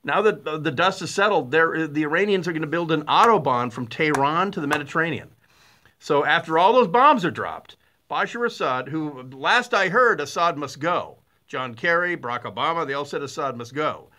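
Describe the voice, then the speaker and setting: A middle-aged man hosts a talk radio show. His voice sits a bit high for a man and sounds bright and forceful. He talks in a blunt, sarcastic monologue, animated, with lots of uh's and restarts. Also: normal speed.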